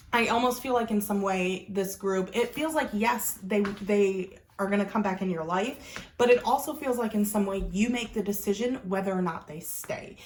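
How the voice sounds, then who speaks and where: Woman tarot reader, casual and rambling, mid-range pitch, lots of fillers. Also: a little hiss or hum, poor audio. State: hiccups. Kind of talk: casual pick-a-card tarot reading.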